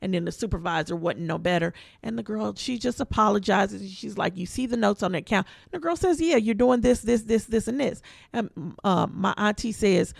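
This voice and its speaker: A woman's voice: medium pitch, normal speed, creaky, no room sound, clean studio sound. A woman co-hosting a podcast, telling a story in casual, colloquial speech and acting out the voices of the people in it. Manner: animated storyteller who acts out quoted voices. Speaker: podcast co-host.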